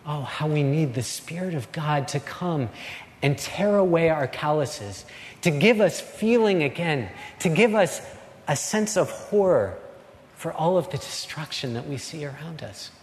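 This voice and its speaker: Male pastor, measured sermon delivery, slightly high voice, long hall reverb. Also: animated. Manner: slow, earnest preaching with dramatic pauses.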